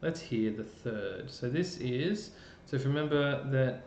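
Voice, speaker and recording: An Australian man gives a casual live-stream music lesson, chatty and full of fillers and restarts. His expressive, slightly mellow voice has vocal fry and a measured pace, heard through roomy, dull audio with a faint rumble.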